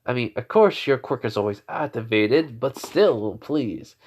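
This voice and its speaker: A man voicing an excitable male teacher, in a halting, casual storytelling way on a dull lo-fi recording. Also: medium pitch. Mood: excited. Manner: loose, halting storytelling delivery.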